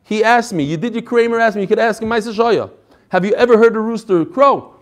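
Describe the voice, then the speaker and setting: A man's voice: sits high, a little fast. A male Torah teacher giving a classroom lecture, reading each phrase and then explaining it with energy, adding chatty asides and jokes.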